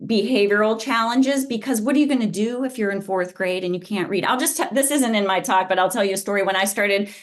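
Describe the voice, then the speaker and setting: A woman professor gives an informal talk over a video call. She tells stories animatedly at a middle pitch and restarts her sentences often, thinking aloud as she goes. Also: quick pace, few pauses. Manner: animated storytelling, many restarts. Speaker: guest speaker, psychology professor. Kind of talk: informal talk at a lunch event.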